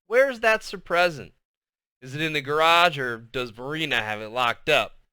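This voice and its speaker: A man reading aloud, voicing a mean older sister who snipes and whines in a shrill, high voice. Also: lively intonation, moderate pace, pushed and bright, smooth, dry recording, clean studio sound. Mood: sniping. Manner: sniping, shrill and whining.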